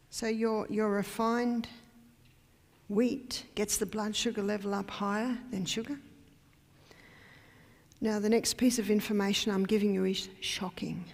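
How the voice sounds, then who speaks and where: In a creaky, mid-range voice, an Australian woman delivers a health lecture, firmly emphasizing points and putting questions to her audience. The church hall adds a long reverberation.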